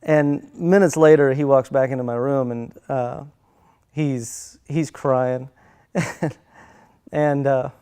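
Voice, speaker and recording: A middle-aged man telling family stories in a halting, soft-spoken way, with many fillers and restarts. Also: medium pitch, fairly even intonation, clean tone. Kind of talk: casual personal storytelling.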